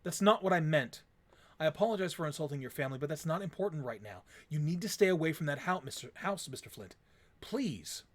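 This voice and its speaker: A man's voice: fairly high pitch, lively intonation, a little fast. A man voicing a polite, earnest middle-aged husband who pleads and worries.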